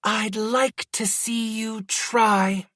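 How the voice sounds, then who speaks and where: A man voicing a polite, devoted young beastkin girl in a high, soft voice. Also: little pitch movement, very slow, no room sound, clean studio sound, full character voice. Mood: calm.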